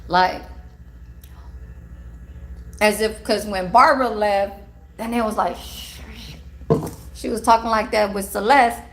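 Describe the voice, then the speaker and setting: A woman who works at a care home, telling a casual, animated story. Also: mid-range voice, unhurried, pauses often, a little hiss or hum. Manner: gossipy, animated, swears and laughs while telling.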